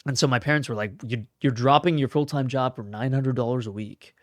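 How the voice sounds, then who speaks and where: Young Canadian man telling animated stories. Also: medium pitch, fairly quick, dry recording. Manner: animated, acts out quoted lines. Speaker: actor, podcast guest. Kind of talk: casual interview storytelling.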